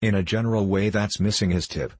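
A man's voice: fairly low pitch, steady tone, fairly quick, darkish tone, slightly rough, no echo. A man reading the part of a swaggering adult male circus horse-rider who talks bluntly, with circus slang.

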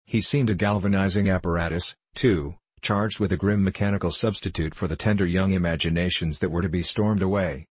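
A man narrates a classic novel in a measured, deliberate manner. His voice is very low and somewhat husky, recorded close and dry with no room sound. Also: steady tone, no echo. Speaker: audiobook narrator.

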